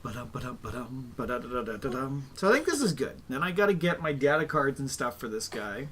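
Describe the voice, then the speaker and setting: A man chatting casually to his stream while assembling miniatures, talking to himself in a chatty, self-mocking way and now and then slipping into high sing-song baby talk. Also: sing-song, a little fast, a bit bright, slight background noise. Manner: chatty, self-deprecating, talks to himself as he works. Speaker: hobby streamer.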